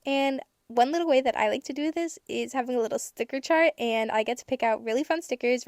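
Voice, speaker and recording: A teenage girl hosting a podcast, giving candid, chatty advice with casual swearing and bursts of excitement. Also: sits high, fast talker, few pauses, no echo, studio quality. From United States. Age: teens. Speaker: podcast host.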